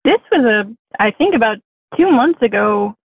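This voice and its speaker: A woman's voice: a little high, lively intonation, moderate pace, vocal fry, breathy edge, dry recording. A woman calling into a podcast, telling her story in a chatty, self-deprecating way. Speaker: caller. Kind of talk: casual phone call-in. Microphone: phone line. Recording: tinny dry phone line.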